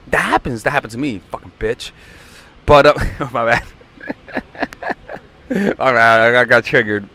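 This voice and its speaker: A man's voice: on the high side, bright, forceful tone. Profane, emphatic young male dating coach. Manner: profane, emphatic, acts out quotes. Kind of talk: blunt dating advice monologue.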